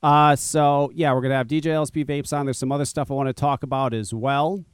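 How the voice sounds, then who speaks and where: A man's voice: medium pitch, steady tone, quick pace, clear, resonant tone, no room sound, clean studio sound. A man hosting a talk radio show, chatting casually in a rambling, profane way and laughing often.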